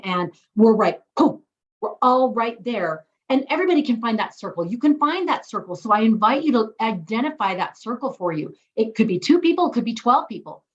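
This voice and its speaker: Podcast host, woman, encouraging and upbeat; higher voice, lo-fi recording. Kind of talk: casual chat. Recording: slightly dull lo-fi sound.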